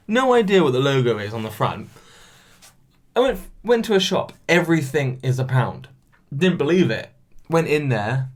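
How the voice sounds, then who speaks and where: A young man hosting a solo podcast, chatty and self-mocking, telling stories with some swearing, alone in a room. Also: mid-range voice. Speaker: podcast host. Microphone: camera.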